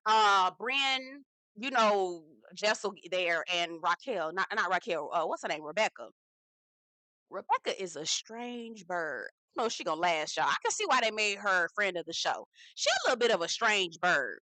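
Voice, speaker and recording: A young woman, chatting sassily through a TV recap. Her voice is bright and forceful and sits a little high, and the recording is dry and close. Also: brisk, no room sound. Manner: sassy, animated, slangy, calls viewers girl. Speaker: TV review host.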